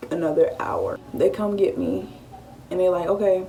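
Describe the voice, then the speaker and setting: A woman in her late teens, telling a story-time vlog in a casual, animated style. She swears freely and often acts out what she was thinking. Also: lowish voice, moderate pace, gravelly, distant mic. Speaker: vlogger.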